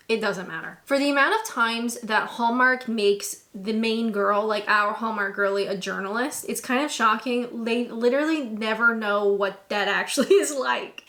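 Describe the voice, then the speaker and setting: A young woman talks through a movie recap in a sharp, sarcastic tone. Her voice is bright and crisp and sits a little high. Everything she says comes out with snark. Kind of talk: casual comedic movie recap.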